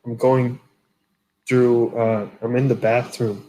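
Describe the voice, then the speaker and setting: A man's voice: medium pitch, level tone, takes it slowly, dark tone, rough recording. A young man telling dream stories in a rambling, profane casual chat.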